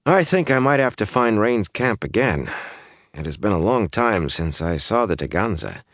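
A man voicing an earnest, gently wry young man in an audiobook, with a quiet, earnest manner. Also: fairly low pitch, big pitch swings, normal speed, dry recording, studio quality, pitched above the performer's own voice. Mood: calm.

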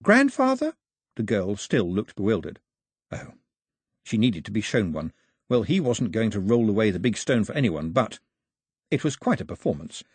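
A man reading a storybook aloud in an expressive, varied narration. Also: lowish voice, normal speed, slightly rough, dry recording, studio quality.

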